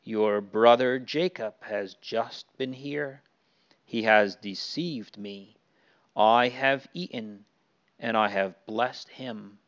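A man voicing an aged, shaken father who speaks softly and then pronounces a solemn blessing, on a dull lo-fi recording. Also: fairly low pitch, takes it slowly. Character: aged blind father Isaac, frightened and solemn.

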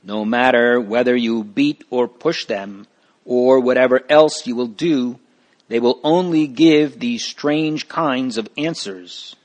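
A patient, wise male guide from a storybook speaks in a slow, grave, instructive way, as a man reads him. His pitch sits at an ordinary middle level. He takes his time over every phrase. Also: natural voice. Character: Mister Greatheart, steady wise male guide. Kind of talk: storybook reading.

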